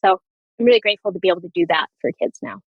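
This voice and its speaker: A woman's voice: lowish voice, racing, no echo, phone-quality sound. A woman nurse practitioner speaking as a podcast guest, candid and storytelling, laughing often in casual chat.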